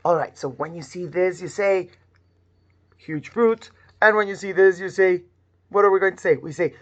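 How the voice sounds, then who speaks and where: Animated teacher woman, dull lo-fi sound. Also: medium pitch, moderate pace. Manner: sing-song, exaggerated sound modelling. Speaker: primary school teacher. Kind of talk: phonics lesson for young children.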